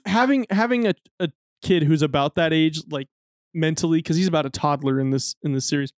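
A man's voice: a little high, brisk, no room sound. Man, podcast co-host, swears a lot, laughs through stories, dry close sound. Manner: laughing, profane storytelling. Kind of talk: casual chat.

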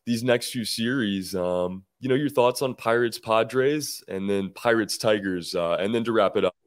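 Easygoing low-voiced podcast host. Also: male voice, normal speed, dry recording, studio quality. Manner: easygoing, promotional, conversational. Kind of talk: casual sports chat.

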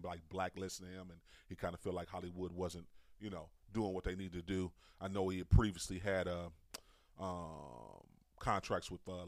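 A man's voice: deep voice, no room sound. Laid-back male radio DJ, dry mic. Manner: laughs often, relaxed banter. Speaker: radio show host, DJ. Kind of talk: casual radio chat.

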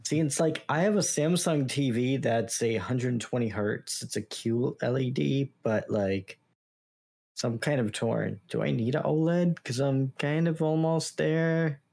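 A man's voice: medium pitch, a little slow, creaky, darkish tone. A man hosting a gaming podcast in laid-back casual chat. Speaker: podcast host.

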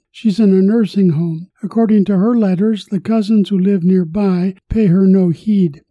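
An older man hosting a podcast about retirement, reading a scripted personal story in a measured, formal way. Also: high-pitched, no room sound, muffled recording.

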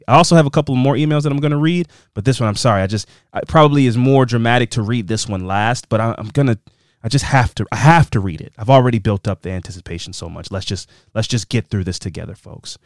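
Animated man hosting a podcast. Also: mid-range voice, fast, no room sound, clean studio sound. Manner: animated, playful, jumps between loud and soft. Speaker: podcast host. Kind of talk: casual podcast monologue reading listener reviews.

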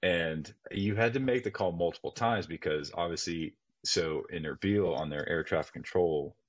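A man with an extremely deep voice recounts an old story in loose, rambling chat, backing up and restarting his sentences. The sound is dry and close but dull and muffled, like a lo-fi podcast recording. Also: moderate pace, no room sound. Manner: rambling, self-correcting anecdote. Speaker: former Apache pilot, guest. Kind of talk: casual storytelling.

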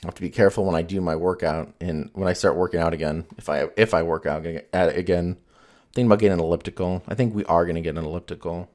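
A low-pitched man with a steady, a little mellow tone talks quickly while hosting a podcast. The conversation is casual and meandering, full of swearing and filler words.

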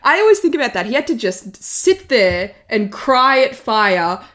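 A woman's voice: a little high, very animated, moderate pace, fairly bright tone. Gushing woman guest from Italy. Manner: gushing, lots of "like". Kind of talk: casual chat.

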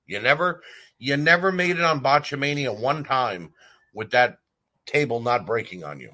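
A man's voice: mid-range voice, lively intonation, moderate pace, pushed and bright. A man hosting a wrestling talk show, delivering a blunt, heated opinion rant with frequent fillers and restarts. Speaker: wrestling podcast host.

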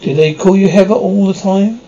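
A man plays a childlike male prisoner in a mockumentary comedy, rambling on about his tattoos. His voice sits high and he keeps stumbling over his words. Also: normal speed, mellow, dull audio, slight background noise, natural voice.

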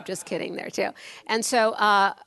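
A woman's voice: mid-range voice, fairly even intonation, normal speed, a bit bright. A woman from Tampa, Florida, preaching a sermon, a pastor telling rambling personal stories with firm, blunt dry humor. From Tampa, Florida, USA.

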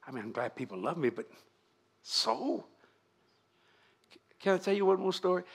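An older man, preaching at a revival, moving from fervent shouted prayer to folksy storytelling. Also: medium pitch, fairly quick, pauses often, breathy edge. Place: church sanctuary.

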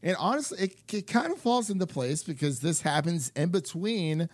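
A man co-hosting a podcast in casual chat, animated and full of fillers as he acts out quotes. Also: sits high, moderate pace, no echo, clean studio sound. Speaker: podcast co-host.

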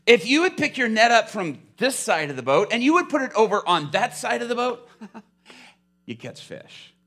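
High, bright animated preacher, man. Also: fairly quick. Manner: animated, acting out scenes. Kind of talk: sermon storytelling.

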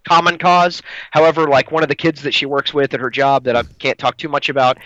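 A man's voice: fairly high pitch, fast talker, no echo, lo-fi sound. A man in his thirties co-hosting a podcast, telling a story in casual chat and acting out the voices he quotes. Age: 30s. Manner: animated, acts out quoted voices, laughs often. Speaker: podcast co-host.

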